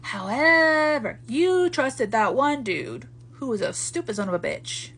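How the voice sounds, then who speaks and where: A woman's voice: high-pitched, measured pace, slightly rough. A woman giving a casual book talk, ranting with lots of swearing as she reviews a novel. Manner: profane, animated ranting.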